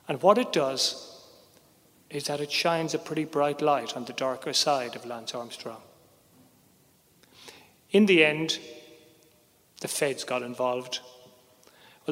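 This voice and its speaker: Gravelly middle-aged man telling a story. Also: on the high side. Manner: wry, measured, drops quietly on heavy moments. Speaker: sports journalist. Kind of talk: first-person storytelling. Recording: long reverb, hall-like.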